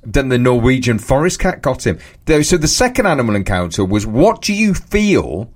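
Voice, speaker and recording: A man co-hosting a podcast, telling a lively anecdote in casual chat and acting out what people said. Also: mid-range voice, normal speed. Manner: animated anecdote teller, acts out quoted voices. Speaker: podcast co-host.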